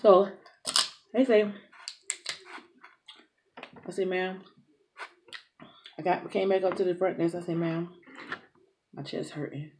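A woman's voice: fairly low pitch, slow pace, long pauses, a little hiss or hum. Woman chatting a storytime while she eats, drawls and does all the voices. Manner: animated storyteller acting out dialogue, drawling. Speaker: mukbang host. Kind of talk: casual storytime while eating.

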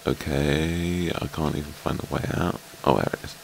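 A man's voice: very deep voice, steady tone, normal speed, gravelly, slight background noise. A man playing a game with a friend, swearing a lot and raging at the enemies that keep killing him. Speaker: gamer. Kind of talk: casual gaming chat.

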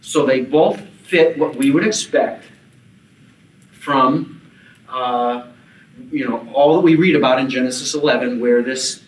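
A man's voice: mid-range voice, a little slow, pauses often. A man giving an archaeology conference lecture, mixing academic points with informal asides and dry jokes. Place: conference hall. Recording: echoey hall, mic at a distance.

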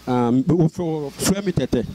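Unhurried and warm, this man's voice sits on the high side. As an interview guest sharing his life story, he stutters, repeating syllables and words and restarting.

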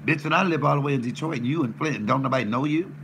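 A man, a comedian, ranting profanely with loud trash talk and mock threats while cooking. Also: medium pitch, very fast, creaky, slight background noise. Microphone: camera mic in a home kitchen.

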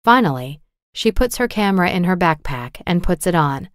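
A woman narrating a storybook for English learners with a clear, measured, carefully articulated reading. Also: lowish voice, big pitch swings, no room sound, studio quality.

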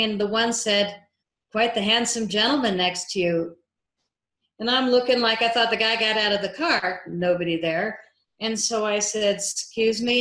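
A woman filmmaker, a guest in an interview, telling a lively story and acting out the dialogue she quotes. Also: a little high. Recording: echoey room.

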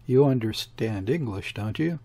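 A man voicing a placid, incurious shopkeeper's wife in an audiobook, asking quiet questions in a slightly raised voice. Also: medium pitch, expressive, normal speed. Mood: calm.

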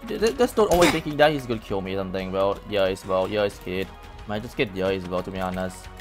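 Excitable young man taunting in a game. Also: deep voice, fast talker, faint music behind. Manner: excitable, taunting opponents, non-native English. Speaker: gaming YouTuber. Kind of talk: live gameplay commentary.

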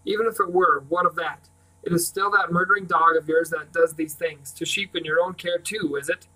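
Guy reading jealous sneery farmer, bitter and fast, kinda high voice, a bit off mic. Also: fairly even intonation, pushed and bright, far from the mic, low-quality recording. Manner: sneering, rapid angry outbursts. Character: bitter jealous middle-aged farmer, man.

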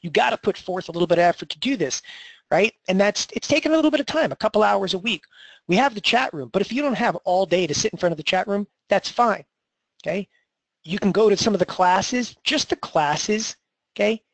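Energetic male webinar host, high voice, dry close mic, salesy and chatty. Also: a little fast, vocal fry, no room sound, poor audio. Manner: energetic, salesy, tags lines with "okay?". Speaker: trading educator hosting a webinar.

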